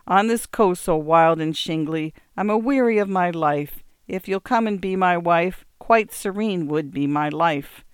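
Narrator doing a prim english nanny, sing-songy verse reading, smooth and dry. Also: medium pitch, unhurried, hardly any pauses, dry recording, natural voice. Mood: sing-song recital. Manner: lilting, sing-song recital.

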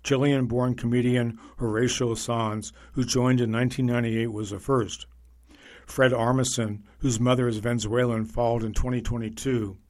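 A man's voice: medium pitch, little pitch movement, normal speed, a little mellow. Man reading a feature article aloud. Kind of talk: scripted narration.

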